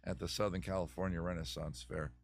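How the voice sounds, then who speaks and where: A comedy advice show host talks fast in a low, flat-pitched voice with vocal fry from his home in a city. His voice sounds a bit tired after weekend shows as he rambles off on tangents, mocks himself, and puts on a Southern lawyer act.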